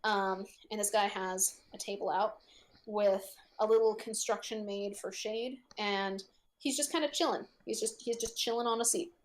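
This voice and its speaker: A woman's voice: medium pitch, fairly even intonation, normal speed. A woman narrating a tabletop game as game master, rambling with lots of ums and frequent giggles. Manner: rambling, giggly, full of fillers.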